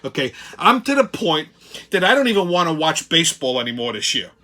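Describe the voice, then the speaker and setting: A middle-aged man rants about sports, swearing constantly and sounding furious. His voice sits fairly high for a man and comes across bright and forceful. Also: sing-song, a little fast. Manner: angry, foul-mouthed, ranting. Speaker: sports commentary host. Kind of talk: profane sports rant.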